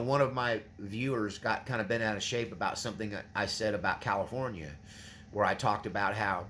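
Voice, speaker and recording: A man hosting his own channel speaks in a medium-pitched, slightly bright voice, earnestly rambling to his viewers in a casual monologue and restarting often. He sounds choked up and close to tears. There's a faint hiss or hum on the recording.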